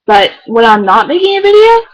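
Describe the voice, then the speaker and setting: A woman's voice: sits high, sing-song, fairly quick, poor audio. Chatty teenage girl giving beauty tips. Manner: chatty, rambling, lots of "like". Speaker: beauty vlogger. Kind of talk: casual chat.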